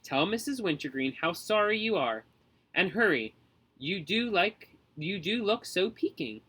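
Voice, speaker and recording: A man's voice: sits high, very animated, unhurried, fairly bright tone, slightly rough, voice pushed up, full character voice, poor audio. A man voicing a fussy, doting mother who gushes over her son and coddles him. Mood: coddling. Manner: gushing, coddling.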